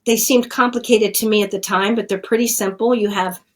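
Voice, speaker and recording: A woman's voice: medium pitch, steady tone, a little fast, poor audio. Middle-aged woman guest, earnest and plainspoken storyteller. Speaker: addiction scientist, guest. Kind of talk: conversational storytelling.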